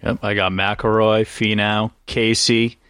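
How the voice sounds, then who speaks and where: A man's voice: on the low side, slow pace, smooth, dry recording, studio quality. A man co-hosting a golf podcast, casually running through his picks with jokes and asides. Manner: relaxed, joking, rambling picks. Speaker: podcast co-host. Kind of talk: casual golf betting chat.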